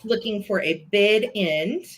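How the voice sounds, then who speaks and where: A woman's voice: medium pitch, slow. A woman with an American accent hosting a live online auction, gushing over each piece and counting down bids. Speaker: live-sale host.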